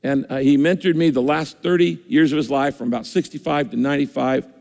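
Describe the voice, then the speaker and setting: Pastor guy preaching, gravelly voice, echoey church hall, repeats stuff for emphasis. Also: mid-range voice, fairly even intonation, brisk, a little mellow. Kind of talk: sermon.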